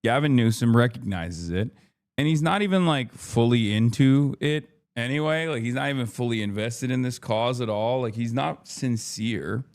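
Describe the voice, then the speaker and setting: A man's voice: medium pitch, normal speed, a little mellow. Frustrated man ranting on a stream. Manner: frustrated, profane, emphatic. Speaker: livestream host. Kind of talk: ranting political commentary.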